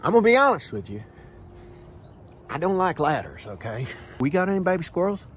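A man hosting a comic vlog outdoors, talking in a folksy, hushed, deadpan way and tagging phrases with "okay?". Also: sits high, fairly quick, a little hiss or hum. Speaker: vlog host playing a self-styled squirrel expert. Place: outdoors under a tree on a farm. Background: faint crickets and insects.

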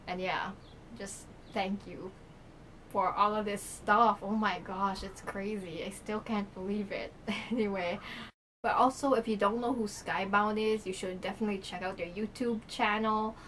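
A young woman talks to her camera in an excited unboxing vlog, gushing and breathless, with lots of filler words. Her voice sits at an ordinary middle pitch. A faint hiss of room noise lies behind her home recording. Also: normal speed, rough recording. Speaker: YouTuber.

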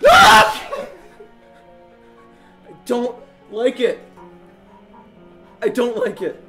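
A young man, a comedian, reacting to a VR horror game with profane, panicky yelling and nervous laughter. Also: very high voice, fairly even intonation, slow pace, faint music behind. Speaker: comedian guest.

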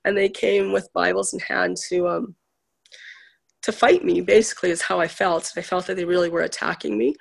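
A woman's voice: lowish voice, fairly even intonation, normal speed, creaky. A woman guest, a spiritual healer, chatting casually in a talk show and retelling a conversation in a storytelling way. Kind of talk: casual chat.

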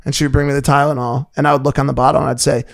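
A man in casual podcast chat, telling animated, profane stories. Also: medium pitch, very fast, gravelly. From part Italian heritage. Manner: animated, profane storytelling with put-on voices. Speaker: podcast guest.

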